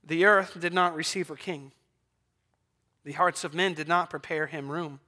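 A man preaching a sermon, swinging between hushed near-whispers and loud, emphatic declarations. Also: a little high, fairly even intonation, normal speed.

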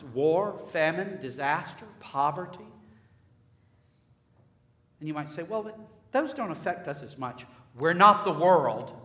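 A man preaches in a ringing church hall, his bright, forceful voice sitting a little high for a man. He drives his points with rhetorical questions and repeated phrases. Long reverb trails every phrase. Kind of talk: sermon.

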